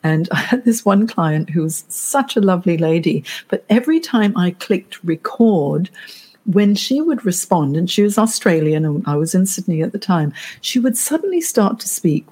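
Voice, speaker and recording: A woman career coach chatting on a live stream, telling stories and lively when quoting people. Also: on the low side, normal speed, husky. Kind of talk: casual live-stream chat.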